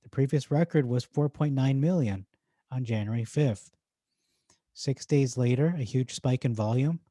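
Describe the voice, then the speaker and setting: A man with an Irish accent talks through forum posts in a loose, chatty vlog, dropping jokey asides between points. His voice sits mid-pitch with a mellow, dark tone. The sound is dry and close, with almost no room. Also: moderate pace, no room sound. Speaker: stock market YouTuber. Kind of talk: casual commentary reading forum posts.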